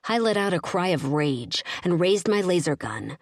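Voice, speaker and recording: A woman narrating an audiobook in the first person, with a steady, even storytelling delivery. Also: fairly low pitch, normal speed, no room sound, studio quality.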